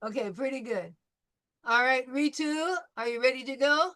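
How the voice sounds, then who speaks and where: A woman teaching French pronunciation to a class. She calls on students one by one, models each sound slowly and repeats it, and gives patient, encouraging feedback. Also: sits high, bright, forceful tone. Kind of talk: pronunciation drill in a live class.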